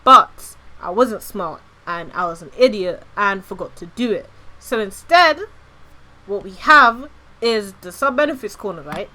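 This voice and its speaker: A woman's voice: mid-range voice, expressive, measured pace, bright, forceful tone. A woman streaming casually as a VTuber, rambling and giggly, swearing casually. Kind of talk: casual livestream chat.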